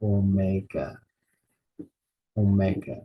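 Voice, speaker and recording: A man teaching a lesson, saying each word slowly and repeating it with care. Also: deep voice, flat delivery, gravelly, breathy edge, dull audio. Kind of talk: slow spoken lesson naming Greek letters.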